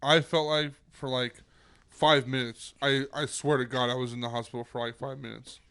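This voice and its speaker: Laid-back man with a smooth voice. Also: mid-range voice, little pitch movement, fairly bright tone. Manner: laid-back, swears casually, quick reactions. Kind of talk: casual chat.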